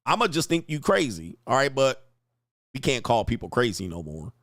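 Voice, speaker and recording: A man hosting a live stream, reading chat comments aloud and answering in brash, profane rants that climb loud and high, with bursts of laughter. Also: very animated, normal speed, no echo, studio quality. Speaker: online talk show host reading chat.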